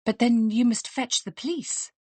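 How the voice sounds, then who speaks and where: Una mujer interpretando a una joven educada y ansiosa. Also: female voice, fairly high pitch, normal speed, warm tone, slightly rough, no room sound, voice pushed up. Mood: eager. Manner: polite, earnest and eager. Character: eager, polite young woman caught up in a mystery.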